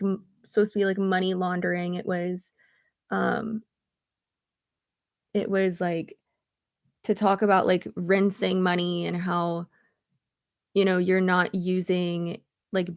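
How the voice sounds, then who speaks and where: A beauty YouTuber chats casually on a livestream from her home streaming setup, blunt and sarcastic, swearing freely. Her mid-pitched voice has a gravelly edge, and the sound is dry and close with no room echo.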